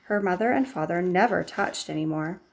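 A woman narrating a novel aloud in a measured storytelling manner. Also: on the low side, creaky. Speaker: audiobook narrator. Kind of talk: scripted narration.

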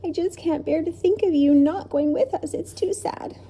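A woman's voice: very high voice, moderate pace, dark tone, a little hiss or hum, pitched above the performer's own voice. A woman voicing a tender, emotional young girl in a storybook reading, speaking in a pleading way. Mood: tearful.

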